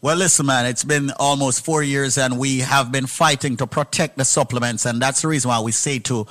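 A man hosting a call-in show, animated, laughing and stretching phrases into a sing-song. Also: medium pitch, fairly quick. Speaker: radio show host.

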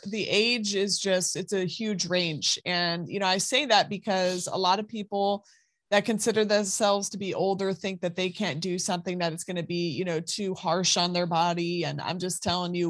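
A woman's voice: mid-range voice, fairly bright tone, no echo. A woman speaking as a guest on a podcast interview, earnest and reassuring as she explains her program.

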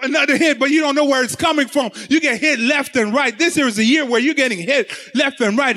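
High-voiced preacher telling a dramatic sermon. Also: male voice, fairly quick, few pauses. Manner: dramatic storytelling with many repeated words; voice rises to shouts and drops very low.

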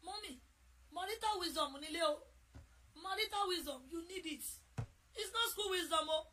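A woman preacher with a high, bright, ringing voice. She leads prayer with fervent, chanted force, then drops into brisk, chatty exhortation. Her delivery is a sermon throughout. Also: slight background noise. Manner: fervent, swings from loud chanted prayer to quick conversational exhortation.

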